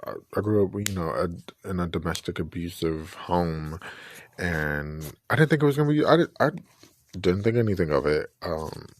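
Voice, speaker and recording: A man's voice: deep voice, animated, moderate pace. A man hosting his own podcast, talking earnestly and reflectively and often restarting his sentences. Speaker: podcast host. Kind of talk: personal podcast commentary.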